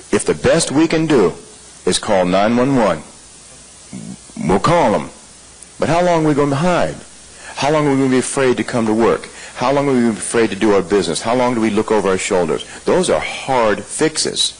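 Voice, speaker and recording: Husky low-voiced man leading a training. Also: low-quality recording. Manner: conversational, asks the room many rhetorical questions. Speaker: workshop trainer. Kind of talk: leadership training lecture. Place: live training session room.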